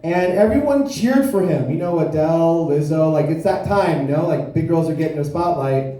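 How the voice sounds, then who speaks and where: A man performing stand-up comedy with a dry, self-deprecating delivery. His voice sits a little high and sounds very dark and mellow. It rings out in a very echoey club room. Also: normal speed. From South Florida. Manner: deadpan, self-deprecating storytelling.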